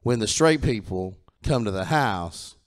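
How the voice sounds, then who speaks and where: A man voicing his earnest, worried husband in a flat, serious, slightly lower tone. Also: unhurried.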